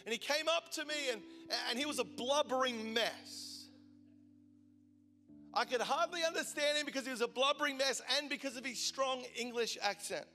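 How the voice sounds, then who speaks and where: A man in his forties preaches with a high, bright, forceful voice, moving between fervent bursts and near-whispered lines. His voice rings with long reverb in a large hall, and soft instrumental music sits underneath. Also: normal speed. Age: 40s. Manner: passionate storytelling, swinging from loud intensity to hushed tones. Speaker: pastor. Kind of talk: sermon.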